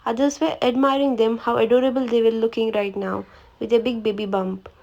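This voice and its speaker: Woman narrator, fan fiction reading, plain, even, slightly high voice. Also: fast talker, dull audio, a little hiss or hum. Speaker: story narrator.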